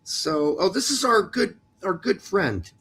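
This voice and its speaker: A man co-hosting a casual soccer show, his pitch bouncing lively up and down as he jokes and teases. He sits a little higher than most men and keeps things loose and playful. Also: unhurried, slightly rough. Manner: joking, animated, teasing about pronunciations. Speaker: podcast co-host.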